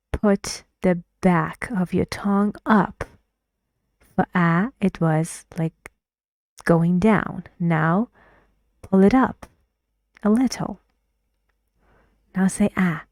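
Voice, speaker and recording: A woman teaches English pronunciation at a very slow, patient pace. Her voice sits a little low and often sinks into a breathy half-whisper. The sound is dry and close. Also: a little mellow, no echo. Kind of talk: pronunciation lesson.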